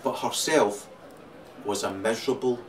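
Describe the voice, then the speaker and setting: A man's voice: medium pitch, moderate pace. A man with a Scottish accent in a rambling, crude monologue who keeps laughing as he talks. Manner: crude, laughs through his talk, swings loud and quiet. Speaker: vlogger. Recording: distant mic, loud crowd and noise.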